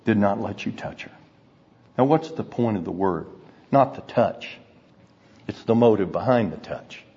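A slow, low-voiced man delivers an earnest sermon, his mellow tone sinking into grave hushes. His husky voice rings out in a long-echoing hall. The recording itself sounds dull and muffled. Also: lively intonation. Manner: earnest, deliberate storytelling that drops to hushed, grave tones. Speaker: preacher.

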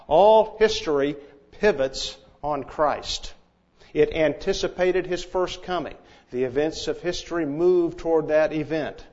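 A male preacher with a somewhat high voice who speaks very slowly and deliberately. He lays out his points with firm, measured emphasis. The sound is a bit dull and lo-fi. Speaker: pastor. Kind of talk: expository sermon.

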